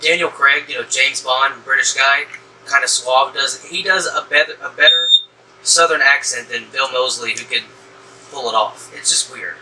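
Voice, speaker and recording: A man from the American South talks through a movie in a casual, rambling way, full of "um" and restarts. His tone is very bright and he sits a little back from the mic. A faint hum of the room sits under his voice. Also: medium pitch, normal speed, far from the mic, poor audio. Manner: rambling, many fillers and restarts. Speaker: horror movie reviewer, host. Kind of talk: casual movie review chat.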